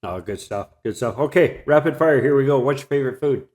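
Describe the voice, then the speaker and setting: A man with a Canadian accent hosting an interview show, chatting casually and telling stories with quick reactions. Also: mid-range voice, darkish tone. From Ontario, Canada. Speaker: podcast host.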